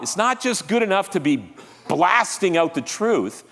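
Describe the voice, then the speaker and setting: Male pastor, high and lively voice, conversational sermon with call-and-response, reverberant sanctuary. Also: measured pace, gravelly. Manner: animated, conversational preaching with audience call-and-response. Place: church sanctuary.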